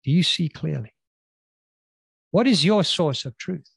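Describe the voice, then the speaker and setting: Guy preaching a sermon, fires off question after question, kinda high voice, dry close mic. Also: expressive, vocal fry, slightly rough, no echo. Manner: questioning, emphatic, slows and drops on key words.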